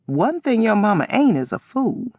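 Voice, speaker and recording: A man voicing a wheezing old man who speaks in a low, weak voice with a blunt, folksy manner in an audiobook. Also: big pitch swings, normal speed, a little mellow, dry recording.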